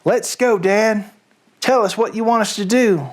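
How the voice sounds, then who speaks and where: A man's voice: high-pitched, measured pace, voice pushed up. A man with a Southern US accent voicing a pack of starving young fox children who eagerly plead with their father.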